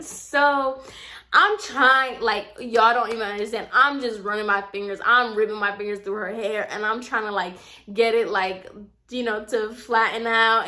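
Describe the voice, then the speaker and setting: A young woman chatting casually to her viewers, telling a story and acting out what people said. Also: a little high. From Puerto Rican heritage. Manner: chatty, animated, addresses viewers as y'all, acts out quotes. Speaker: vlogger.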